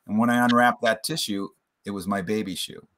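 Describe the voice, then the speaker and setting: A man guest on an interview podcast, telling a personal family story in an earnest, reflective way that slows on emotional points. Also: fairly low pitch, steady tone, crowd noise. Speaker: podcast guest, playwright and author.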